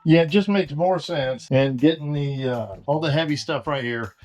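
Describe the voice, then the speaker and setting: A man giving a casual, halting how-to walkthrough of wiring his trailer, slightly out of breath. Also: a little high, a little mellow, soft background music. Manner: plain, halting, lots of "uh". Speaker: RV owner doing a DIY install. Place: travel trailer and its storage bay, hot weather.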